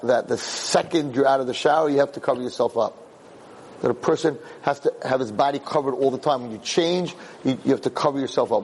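A middle-aged man, a rabbi, giving a Torah class as an animated storyteller who repeats words as he restarts his sentences. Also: medium pitch, slightly rough.

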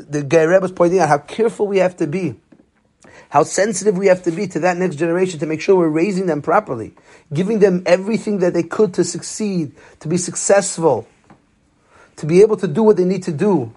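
A man's voice: high-pitched, husky. A man giving a sermon as a rabbi, telling stories and using Yiddish and Hebrew terms.

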